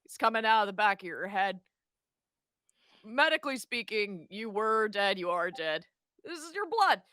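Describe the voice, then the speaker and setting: A woman's voice: mid-range voice, big pitch swings, normal speed, pushed and bright, dry recording, studio quality. A woman voicing a blunt, matter-of-fact ship captain in a tabletop game. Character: brusque ship captain Dickie.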